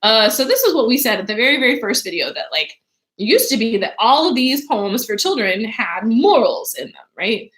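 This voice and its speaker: A woman teacher, animated and chatty, reading a book aloud for children and asking them questions. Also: a little high, normal speed.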